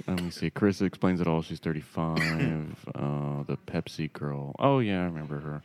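A man's voice: a bass voice, moderate pace, hardly any pauses, background noise. A man co-hosting a casual chat, talking loosely, laughing easily and reading items off a list. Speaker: podcast co-host.

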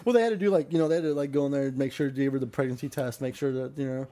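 A man's voice: mid-range voice, racing, dark tone. A man talking as a podcast guest, telling a long story in a rambling, profane way with lots of fillers. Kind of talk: casual podcast chat.

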